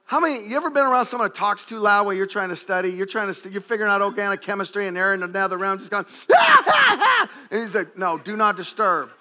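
A man preaching a sermon to a congregation, animated and jokey, acting out little scenes. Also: sits high, rapid-fire, few pauses. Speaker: pastor.

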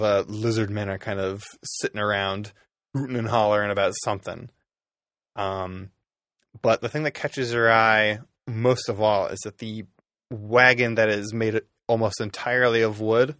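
A man's voice: fairly low pitch, fairly bright tone, no echo, clean studio sound. A man narrating a tabletop game as game master, loose and rambling with lots of ums.

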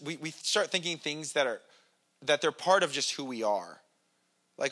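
A man's voice: a little high, expressive, measured pace, pauses often, bright, forceful tone. A man preaching a casual, conversational sermon to his congregation, self-deprecating and full of restarts and acted-out quotes. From Irish family background. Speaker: pastor.

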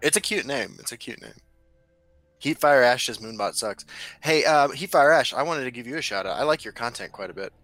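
A man's voice: mid-range voice, expressive, brisk, a bit bright, no echo. A man co-hosting a casual stream chat, laid-back and joking, reading out messages from chat. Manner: laid-back, swears, laughs often, reads chat aloud. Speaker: stream co-host.

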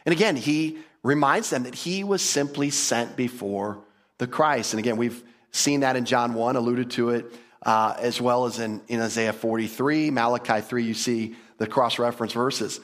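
A man teaching a Bible passage in a lively, conversational way, often repeating words and putting questions to his listeners. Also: mid-range voice, moderate pace. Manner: animated, enthusiastic, repeats words, asks the audience questions.

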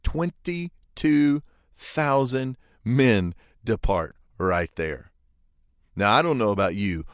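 A man with a fairly low voice preaches a sermon as relaxed storytelling. He talks in a folksy, conversational way and keeps asking the listeners to imagine the scene. The sound is dry and close. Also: dry recording. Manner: folksy, imagines aloud, asks listeners rhetorical questions. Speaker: pastor.

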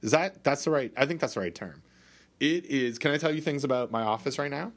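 A man's voice: mid-range voice, expressive, brisk. Rambling, stammering man chatting casually. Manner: rambling, self-interrupting, playful. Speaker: podcast co-host. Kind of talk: casual chat. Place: office.

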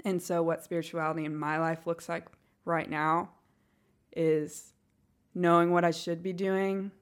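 This is casual podcast chat from a woman with a Northwest Arkansas accent who giggles frequently and fills her thinking-aloud with fillers. Her voice is on the low side, with little pitch movement and a measured pace.

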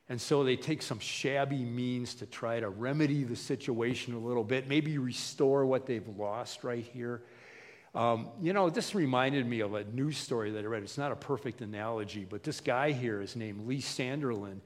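A male pastor preaching in a casual, animated way, slipping into little voices for the people he quotes. His voice sits at an ordinary pitch for a man. A long reverb trails his words through a large hall. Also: moderate pace. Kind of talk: sermon.

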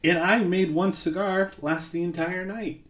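A man's voice: sits high, unhurried. A man co-hosting a casual podcast chat, laughing often as he tells stories. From Missouri. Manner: laughing, animated storyteller. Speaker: podcast co-host. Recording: roomy echo.

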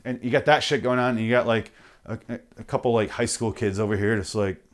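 A man's voice: lowish voice, fast. A man hosting a podcast, ranting comedically and profanely and acting out little bits. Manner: profane, animated, acts out bits. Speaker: podcast host. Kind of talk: comedic solo rant.

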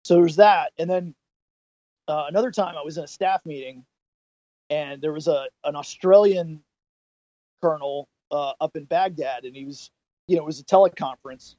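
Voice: medium pitch, normal speed, long pauses, warm tone, no room sound. A middle-aged podcast co-host telling rambling anecdotes in casual chat, with plenty of restarts. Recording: dull lo-fi dry sound.

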